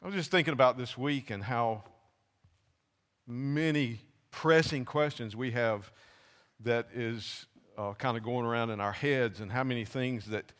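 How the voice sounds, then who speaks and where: A man preaching a sermon, telling a scripture story with halting restarts and acting out the voices. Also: medium pitch, a bit bright, in a large hall. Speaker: pastor. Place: church.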